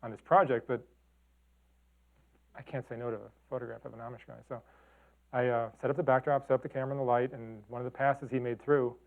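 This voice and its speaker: This photographer, a middle-aged man from Chicago and Detroit, gives a casual, rambling talk about his photographs, heavy with fillers and restarts. His creaky, medium-pitched voice barely moves in pitch; he speaks fast but leaves long pauses. The recording has a tinny, phone-like quality.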